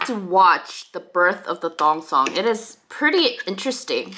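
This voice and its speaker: Bright-voiced young woman, mukbang chat. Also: fairly low pitch, sing-song, moderate pace, slight background noise. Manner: chatty and confiding, laughs often. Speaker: mukbang host.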